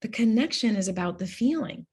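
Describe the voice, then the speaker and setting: Husky-voiced woman, candid and laughing. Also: mid-range voice, lively intonation, fairly quick, darkish tone. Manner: candid, laughs often, acts out quoted speech. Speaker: podcast guest. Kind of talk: conversational interview.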